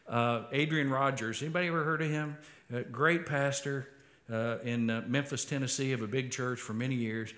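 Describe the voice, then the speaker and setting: A male pastor with an Arkansas twang, preaching a conversational sermon and often repeating words as he starts a phrase. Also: fairly bright tone. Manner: rises in pitch and volume for emphasis.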